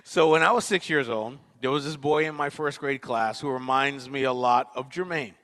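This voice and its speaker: Brief: a male keynote speaker, bright tone, joking and playful, recorded in a reverberant auditorium. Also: medium pitch, moderate pace. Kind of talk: storytelling conference talk. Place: university auditorium.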